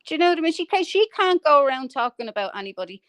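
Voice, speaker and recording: A woman's voice: sits high, very animated, rapid-fire, a bit bright, no room sound. A woman hosting a livestream, ranting in a foul-mouthed, mocking way and laughing at her own insults. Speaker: livestream host.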